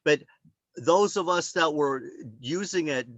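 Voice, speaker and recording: A man's voice: a little high, takes it slowly, a bit bright, dry recording. A man presenting his book over a video call, telling stories in a rambling way and acting out the voices of the people he quotes. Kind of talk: casual talk on a video call.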